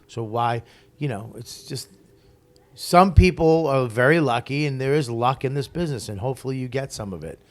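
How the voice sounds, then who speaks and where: A man's voice: mid-range voice, moderate pace. A man telling stories as a comic guest in a casual interview, swearing freely and acting out what others said. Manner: profane, animated storyteller who acts out quotes.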